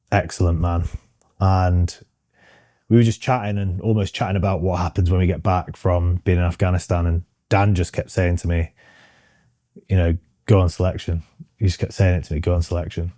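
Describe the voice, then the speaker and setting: A man's voice: low-pitched, dark tone, no echo, clean studio sound. A British man in his thirties, a guest in an interview, talking frankly with many ums and restarts. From Britain. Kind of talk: casual interview chat.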